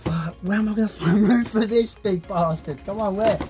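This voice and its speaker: A young man unboxing a gift, excitable and swearing often, laughing as he talks. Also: high voice, normal speed, music in the background. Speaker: YouTuber. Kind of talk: casual unboxing vlog.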